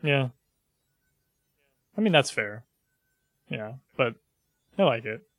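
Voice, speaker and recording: A man's voice: mid-range voice, expressive, takes it slowly, fairly bright tone, dry recording. A man co-hosting a podcast, chatting casually in a laid-back, rambling way with lots of fillers. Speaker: podcast co-host. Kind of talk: casual chat.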